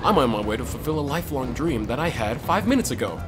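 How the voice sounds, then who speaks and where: A man hosting a comedic gameplay commentary, goofy and often yelling in exasperation. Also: mid-range voice, sing-song, fast. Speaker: gaming channel host. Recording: game music in the background.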